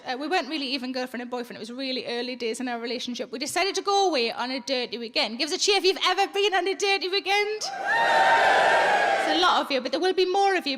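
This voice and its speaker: High-voiced sweary woman comedian on stage. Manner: blunt, sweary, chatty crowd work. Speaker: stand-up comedian. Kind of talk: live stand-up with audience banter. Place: large theatre on stage. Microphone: handheld stage microphone. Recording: loud crowd noise from live show. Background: audience laughter.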